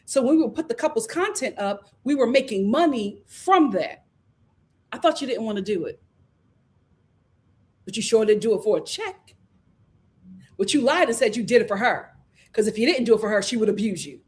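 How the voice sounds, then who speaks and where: High-pitched, sassy woman commentator. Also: normal speed, pauses often. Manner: animated, sassy, swinging between shouts and low asides. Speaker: commentary channel host. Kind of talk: casual reality-show commentary.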